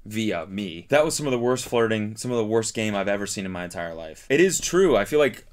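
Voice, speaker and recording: A man riffs on a dating clip with sarcastic, swearing commentary. His voice sits low but swings widely up and down. He keeps a mocking tone throughout. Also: sing-song, brisk. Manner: sarcastic, profane, mocking impressions. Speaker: host reacting to a video. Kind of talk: comedic commentary.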